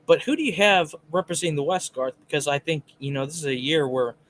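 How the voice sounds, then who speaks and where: A man's voice: fairly high pitch, fast talker, a bit bright, slight background noise. A man co-hosting a casual live sports talk show, reading viewer comments and giving his picks in a chatty way. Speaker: podcast co-host.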